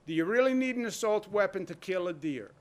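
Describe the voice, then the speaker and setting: Emphatic rhetorical man, high voice. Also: animated, fairly quick. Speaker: state governor. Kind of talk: press briefing speech.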